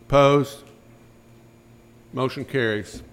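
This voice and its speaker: A man chairing a school board meeting, running through motions and votes in a brisk, routine manner. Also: medium pitch, fairly even intonation, a little hiss or hum. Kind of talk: formal meeting procedure.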